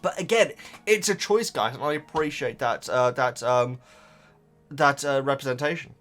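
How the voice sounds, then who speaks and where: A man's voice: medium pitch, moderate pace, fairly bright tone, faint music behind. A man rambling casually to his viewers about a book, with lots of restarts and asides. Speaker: vlogger reacting to a book.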